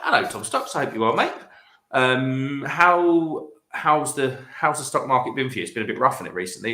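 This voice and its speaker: A man's voice: mid-range voice, sharp tone, roomy sound. A man hosting a casual late-night livestream, reading viewer comments aloud and laughing often. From England. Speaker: livestream host. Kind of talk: casual chat reading out live chat.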